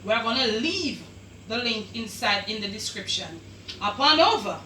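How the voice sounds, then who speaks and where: A woman's voice: a little high, expressive, unhurried, bright, forceful tone, reverberant, far from the mic, slight background noise, poor audio. A woman with a Jamaican accent, chatting casually as she hosts a cooking video in her home kitchen. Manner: chatty, exclaims while tasting. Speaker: cooking channel host.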